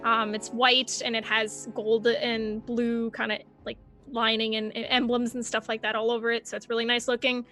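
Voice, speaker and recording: Bright, hesitant woman player. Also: fairly high pitch, flat delivery, soft background music. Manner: hesitant, halting, many fillers. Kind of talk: casual tabletop play.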